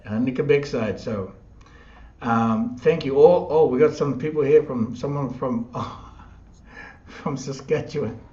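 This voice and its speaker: An upbeat man hosts a live online chat and laughs easily as he talks. His voice sits at an ordinary middle pitch. The room rings around him, and the sound is slightly dull and muffled. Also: takes it slowly, dark tone, echoey room. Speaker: host.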